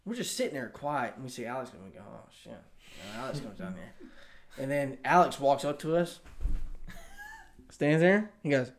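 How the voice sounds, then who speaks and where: A man's voice: medium pitch, normal speed, long pauses. Man, rowdy storyteller, swearing, laughing, voice swinging up and down. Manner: loud, profane, animated, laughing often. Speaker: guest roommate. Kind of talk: casual storytelling chat.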